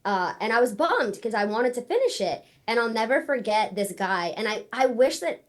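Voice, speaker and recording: A woman in her thirties, a guest on a podcast, telling her story in casual, animated talk and acting out what people said. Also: a little high, normal speed. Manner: animated storyteller, acts out quotes. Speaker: podcast guest, former ninja competitor and wrestler.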